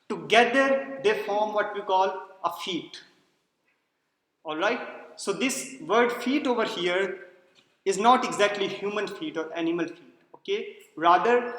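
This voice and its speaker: A man's voice: sits high, fairly bright tone. A man giving a lecture, explaining step by step and posing questions to the class before answering them himself. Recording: echoey roomy hall sound.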